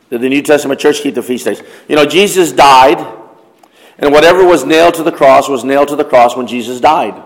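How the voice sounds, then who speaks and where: A man preaching a Bible study sermon, reading verses aloud and then explaining them in a conversational way, posing questions to the congregation. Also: on the high side. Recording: long hall reverb.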